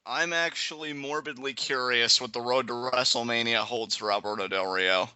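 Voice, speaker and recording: A young man chatting excitedly in a live reaction, predicting what happens next and laughing often. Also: medium pitch, moderate pace, clean tone, no room sound, dull audio. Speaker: guest co-commentator.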